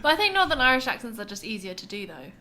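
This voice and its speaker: A woman's voice: a little high, very animated, fast talker, bright, forceful tone. A young woman co-hosting a casual podcast, blunt and opinionated, laughing at herself. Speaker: podcast co-host, PhD student.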